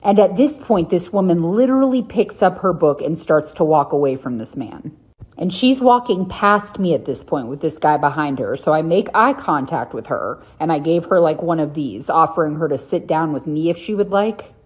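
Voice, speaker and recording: A woman's voice: low voice, lively intonation, moderate pace, darkish tone, breathy edge. A woman telling a story in a vlog, chatty and wry.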